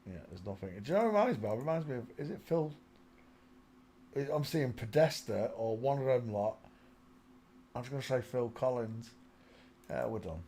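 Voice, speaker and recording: A man's voice: medium pitch, animated, normal speed, pauses often, warm tone, slight background noise. A man hosting his own channel. He gives casual commentary while browsing photos, muttering to himself and half-singing between remarks into a small desk microphone. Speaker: channel host. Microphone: small desk microphone close in front.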